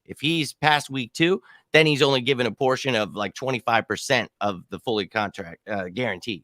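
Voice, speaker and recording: A man's voice: medium pitch, pushed and bright, no room sound, clean studio sound. A man in casual sports podcast chat, talking emphatically and heatedly like a passionate fan. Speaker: podcast co-host.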